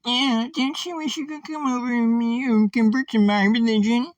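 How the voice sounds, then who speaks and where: A man voicing a whiny, passive-aggressive male zealot who plays the self-pitying martyr in a high, simpering, sobbing voice. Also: steady tone, moderate pace, dry recording, rough recording. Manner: simpering fake-polite sobbing.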